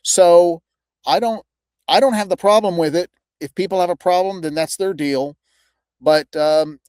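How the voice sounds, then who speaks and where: A male podcast host talking earnestly and haltingly, searching for his words in casual interview talk. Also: a little high, darkish tone, no room sound.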